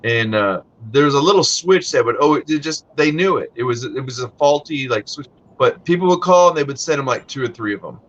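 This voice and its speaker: Lively, bright-voiced man hosting a chat. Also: mid-range voice, brisk, dull audio. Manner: animated storyteller, acts out people he quotes. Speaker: host. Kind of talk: casual chat.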